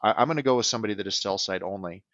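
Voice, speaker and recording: A man's voice: lowish voice, rapid-fire, fairly bright tone, no room sound, lo-fi sound. A man who works as a business transition advisor, answering podcast interview questions in an earnest way and often checking in with "right?".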